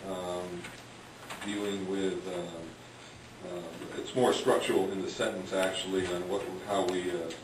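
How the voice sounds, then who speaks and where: Man, low voice, public commenter, hesitant, echoey council chamber, distant mic. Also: fairly even intonation, noisy background. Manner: halting, many fillers. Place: large government chamber.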